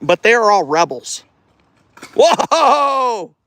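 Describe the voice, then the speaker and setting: Outdoors on a residential street, a vlogger with a somewhat high, slightly bright voice livestreams casually into his phone. He's expressive with vocal fry, coaching and cheering a child between long, halting rambles full of restarts. The sound is dry and close, with no echo.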